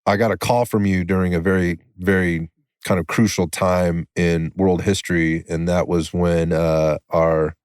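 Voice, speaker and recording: A man's voice: low voice, flat delivery, a little slow, darkish tone, smooth, dry recording, studio quality. A man hosting a podcast in casual conversation, rambling and restarting his sentences and swearing freely, talking outdoors. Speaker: podcast host.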